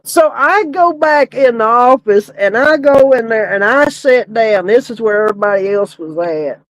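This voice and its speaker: A woman's voice: a little high, lively intonation, normal speed, no room sound, low-quality recording. A woman who works at a funeral home, telling a comic story in a casual way and laughing often as she talks.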